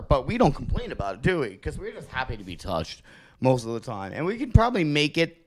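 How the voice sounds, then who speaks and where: A man's voice: medium pitch, fast talker. A man hosting a podcast, telling crude stories in a rambling, profane, casual way. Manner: rambling, profane, animated storytelling. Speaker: podcast host.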